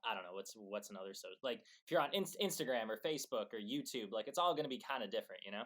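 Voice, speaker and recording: A man's voice: fairly low pitch, expressive, racing, fairly bright tone. A man from Chicago, a guitarist guest, talking loosely in a casual interview, full of fillers and restarts. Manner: loose, rambling, filler-heavy.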